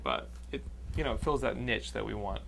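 A Texan podcast host chats loosely about a movie, with many fillers and a profane streak. His fairly low voice is creaky and a bit bright, with lively intonation and a slightly fast pace, over slight background noise.

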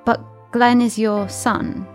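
A woman's voice: on the high side, little pitch movement, slow, faint music behind. A woman playing a tabletop game, talking in a playful and earnest way. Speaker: player. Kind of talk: tabletop role-play chat.

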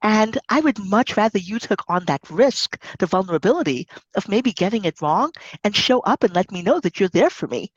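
A woman's voice: medium pitch, dry recording. Woman podcast guest, earnest and emphatic, dry close sound, slightly muffled. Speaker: guest author and consultant. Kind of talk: podcast conversation.

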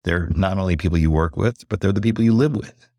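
A man being interviewed as an executive coach on a podcast, speaking candidly and reflectively, slowing down on key points and growing animated as he recounts a story. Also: deep voice, dry recording, clean studio sound. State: briefly emotional.

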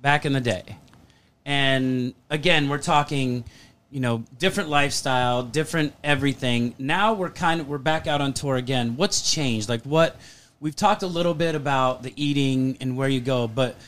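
A man's voice: mid-range voice, moderate pace, fairly bright tone. A man from the American South co-hosting a casual chat, easygoing and chatty. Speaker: co-host.

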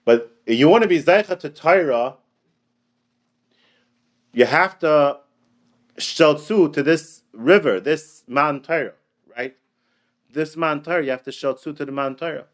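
A middle-aged man giving a storytelling Torah class in an animated way, often repeating his phrases and chuckling. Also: fairly high pitch, a little slow, long pauses. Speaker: Torah teacher.

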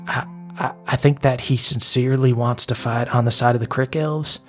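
A man's voice: mid-range voice, steady tone, moderate pace, faint music behind. A man narrating a tabletop game as game master, in a casual style full of fillers.

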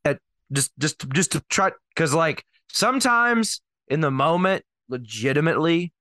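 Male podcast co-host, slow and measured, hesitant, dry close recording. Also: fairly high pitch, expressive, sharp tone, no room sound. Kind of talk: casual chat.

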